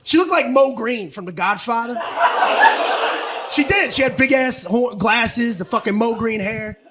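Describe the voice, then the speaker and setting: Man, stand-up comedian, very high-pitched voice, shouty profane rant, noisy club recording. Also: expressive, measured pace, a crowd in the background. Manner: loud, profane, ranting with frequent shouting. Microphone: handheld stage mic. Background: audience laughter.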